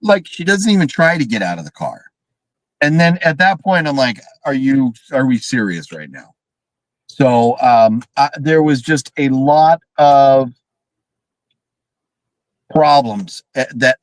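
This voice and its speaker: A man chatting on a horror movie livestream, voice sitting a bit high and swinging wildly up and down. He swears freely and launches into shrieking impressions of characters. The sound is dry, with no room around it. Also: no room sound, rough recording. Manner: animated, swearing, mimics characters with big shrieks. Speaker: podcast co-host reviewing horror films. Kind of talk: casual livestream chat.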